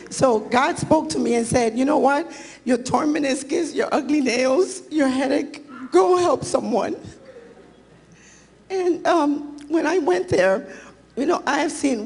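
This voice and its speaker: Husky woman giving an emotional testimony. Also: on the high side, big-room sound. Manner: emotional, close to tears, with soft laughs. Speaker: church volunteer giving testimony. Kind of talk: personal testimony.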